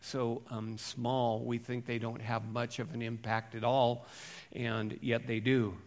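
A male pastor preaching a conversational sermon, moving between loud emphatic phrases and quiet, low asides. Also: little pitch movement, measured pace.

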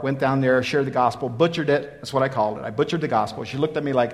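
A man in his fifties preaching a sermon, telling his own story in an earnest, repetitive way that swings from loud emphasis to quiet. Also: mid-range voice, steady tone, fast, few pauses. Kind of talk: sermon with personal testimony.

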